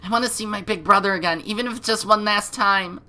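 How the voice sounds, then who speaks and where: A woman's voice: mid-range voice, fast talker, pushed and bright, lightly acted. A woman doing a frightened little girl. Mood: desperate. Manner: timid, pleading, calling for her brother.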